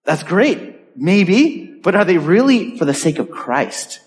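A man preaching a sermon in an earnest, conversational way, with pauses and restarts. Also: high-pitched, big pitch swings. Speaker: pastor. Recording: long hall reverb.

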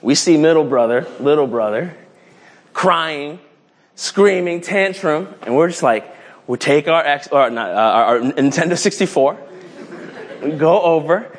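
Animated, high-voiced male preacher. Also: unhurried. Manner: animated, rambling with restarts, playful. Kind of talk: casual storytelling sermon.

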